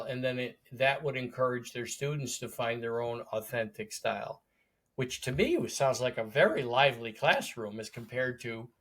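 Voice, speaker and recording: Male interview host; casual, thoughtful follow-up questions, average pitch. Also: a bit bright. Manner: thoughtful, follows up on the guest's point. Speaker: podcast host.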